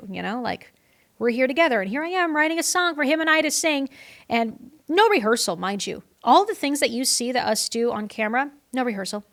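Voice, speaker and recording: A young adult woman, a guest in a casual interview, telling stories in a chatty, animated way. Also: a little high. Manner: animated, chatty, often breaks into laughs. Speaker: guest, horror host and vintage performer.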